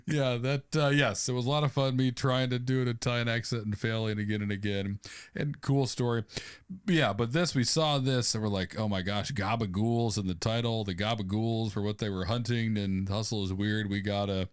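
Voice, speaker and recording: A man's voice: lowish voice, steady tone, moderate pace, smooth, no echo, studio quality. A man co-hosting a podcast in casual chat, enthusiastic and laughing often. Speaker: podcast co-host.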